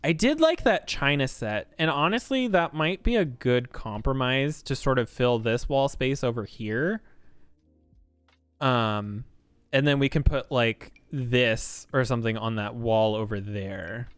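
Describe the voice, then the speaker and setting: A man's voice: mid-range voice, animated, a little slow, clear, resonant tone, no room sound, faint music behind. Man thinking aloud over a game. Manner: rambling, thinking aloud with many fillers. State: slightly worn from long talking. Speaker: game streamer. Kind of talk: casual gameplay commentary.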